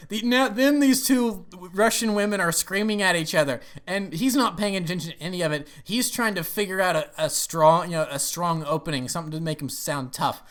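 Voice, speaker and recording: A man's voice: high-pitched, a bit bright. A young man giving casual, rambling commentary on a movie, often laughing and acting out lines.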